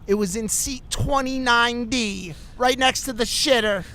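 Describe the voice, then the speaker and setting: A man's voice: very high-pitched, a little slow, bright, forceful tone, slight background noise. A young man co-hosting a podcast, joking crudely and mocking himself in casual banter. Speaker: podcast co-host.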